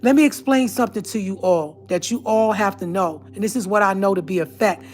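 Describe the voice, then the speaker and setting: A woman's voice: mid-range voice, brisk, faint music behind. A woman telling a personal story to her viewers, speaking in an earnest, emphatic way. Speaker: vlogger.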